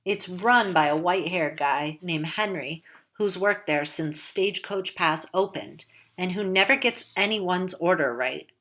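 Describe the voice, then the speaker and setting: Lower-pitched woman narrating wryly. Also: a little slow, a bit bright. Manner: casual, wry, conversational storytelling. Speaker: audiobook narrator. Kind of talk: first-person novel narration.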